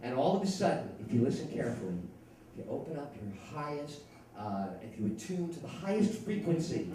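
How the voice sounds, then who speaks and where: A man's voice: on the high side, a little fast, far from the mic. A man performing a rambling, profane stand-up comedy set on a club stage. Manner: profane, rambling, animated storytelling. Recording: echoey club recorded from afar.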